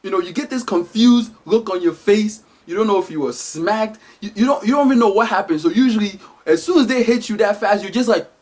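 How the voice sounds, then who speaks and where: A man delivering an animated, emphatic comedic monologue as a vlogger. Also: high voice, a little fast, hardly any pauses.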